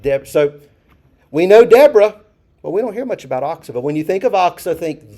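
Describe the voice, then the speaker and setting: A man's voice: fairly high pitch, lively intonation, moderate pace, dark tone. A man leading a church Bible study, talking casually, asking the group questions and repeating key phrases for emphasis. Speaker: pastor.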